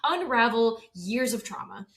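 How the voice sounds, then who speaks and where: A woman's voice: fairly high pitch, very animated, a little slow, a bit bright. A woman co-hosting a podcast in casual chat, wry and mock-earnest. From United States. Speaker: podcast co-host.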